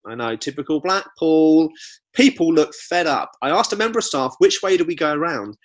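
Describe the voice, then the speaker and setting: A man's voice: on the high side, lively intonation, moderate pace. A young man co-hosting a comedy podcast, chatting casually and reading reviews aloud with joking asides. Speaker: podcast co-host.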